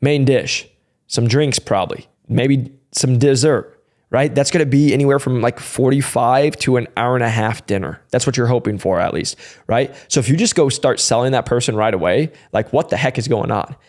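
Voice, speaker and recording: A young adult man talks through sales advice in a loose, energetic monologue at an ordinary mid-range pitch. He keeps it conversational, tossing in "like" and "right?" and slipping into quick bits of sample dialogue. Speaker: sales trainer and channel host.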